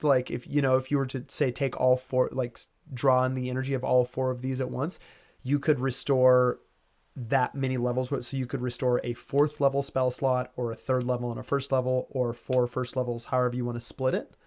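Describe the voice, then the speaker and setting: A man's voice: medium pitch, completely flat delivery, brisk, a little mellow. A man acting as game master for a tabletop game, explaining rules in an easygoing way full of fillers.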